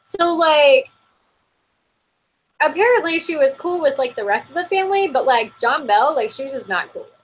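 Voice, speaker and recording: A woman's voice: sits high, animated, moderate pace, a little hiss or hum, low-quality recording. Giggly woman telling spooky tales. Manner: giggly, heavy use of "like". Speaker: podcast co-host. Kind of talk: casual storytelling, reading from an article. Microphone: remote call.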